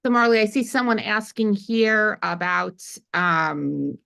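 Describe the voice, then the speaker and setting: A woman's voice: mid-range voice, lively intonation, slow pace, vocal fry, bright, forceful tone, clean tone. A woman co-hosting a live webinar, reading audience questions aloud and passing them on. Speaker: webinar co-host reading comments.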